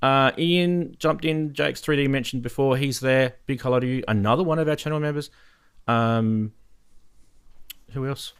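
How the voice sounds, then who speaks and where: A man's voice: mid-range voice, moderate pace, smooth. Chatty male live-stream host. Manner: chatty and jokey, laughs often, with fillers. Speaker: host of a live synthesizer show. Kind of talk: casual live-stream chat, greeting viewers.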